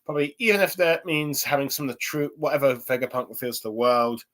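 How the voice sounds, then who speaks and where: A man's voice: mid-range voice, fast, fairly bright tone. Rambling young man reviewing comics. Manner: rambling, many fillers and restarts. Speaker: anime and manga reviewer. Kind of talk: casual spoken review.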